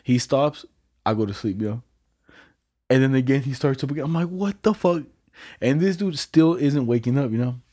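A man's voice: medium pitch, expressive, normal speed, warm tone. A young man telling stories in a casual, slangy chat and laughing often.

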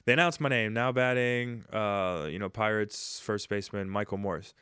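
A man in his forties, a former ballplayer, telling stories casually in an interview and loudly acting out the lines he quotes. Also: on the low side, moderate pace, clean tone, no room sound, clean studio sound. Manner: animated storyteller, acts out quotes loudly. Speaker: former baseball player, guest.

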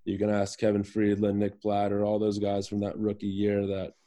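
This Virginia man, a professional soccer player, talks in a relaxed, wandering way on a podcast, filling pauses with ums and uhs. His voice sits on the lower side, warm and mellow, and he speaks in a monotone.

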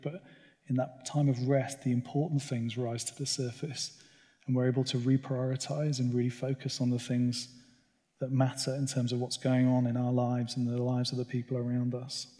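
A man's voice: medium pitch, warm tone. Earnest man preaching in a reverberant hall. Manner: earnest, personal, conversational. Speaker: church speaker. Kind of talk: sermon talk. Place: church gathering. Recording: long reverb of a large hall.

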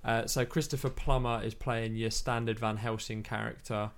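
A man's voice: medium pitch, little pitch movement, normal speed. Casual rambling man. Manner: rambling, enthusiastic, many fillers and restarts. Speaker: podcast co-host. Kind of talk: casual chat about films.

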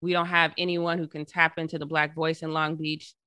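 A woman journalist telling stories in a casual interview, animated and acting out the people she quotes. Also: low voice, fairly quick, clean tone, dry recording. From Colorado. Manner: animated, acts out quoted people in her story. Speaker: journalist guest.

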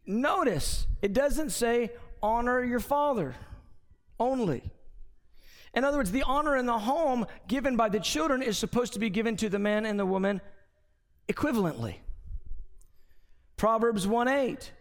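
A man's voice: very high-pitched, moderate pace. A man preaching a sermon as pastor, conversational, with anecdotes and asides, in a church sanctuary. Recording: long reverb from a large hall.

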